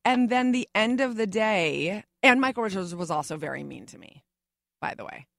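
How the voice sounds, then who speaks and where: Middle-aged actress, interview guest: lively anecdotes with acted-out quotes, a touch of fry, dry close sound. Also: female voice, mid-range voice, normal speed, dry recording. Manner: animated storyteller, acts out the people she quotes. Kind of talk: casual interview storytelling.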